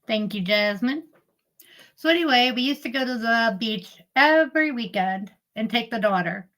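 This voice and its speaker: A woman's voice: on the high side, lively intonation, moderate pace, a bit bright, rough recording. A middle-aged woman, live streaming in casual chat, telling family stories with frequent laughs and greeting viewers. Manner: chatty storyteller, laughs often, greets viewers.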